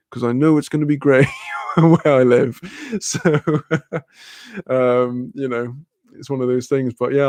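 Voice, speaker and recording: A man's voice: medium pitch, creaky, a little mellow, no room sound. A Welsh man streaming a casual chat, laughing often, swearing freely and reading chat messages aloud. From Wales.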